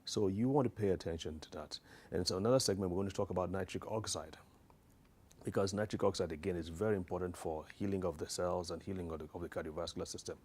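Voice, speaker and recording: A man's voice: deep voice, quick pace, a little mellow, breathy edge. A man giving an informal educational health talk, earnest and hesitant with frequent restarts and fillers.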